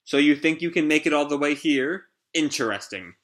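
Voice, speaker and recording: Cool pirate captain woman, calm and superior, bright edge, read by a man. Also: on the high side, moderate pace. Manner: calm, condescending.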